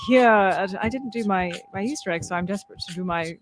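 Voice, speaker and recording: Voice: mid-range voice, fast, noisy background. A podcast co-host in casual chat, playful, and loses track mid-sentence.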